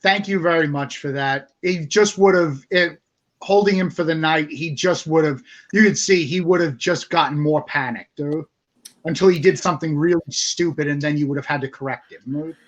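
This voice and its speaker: A man's voice: fairly high pitch, moderate pace, dull audio. A man playing a tabletop game, speaking in and out of character with stammers. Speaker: player.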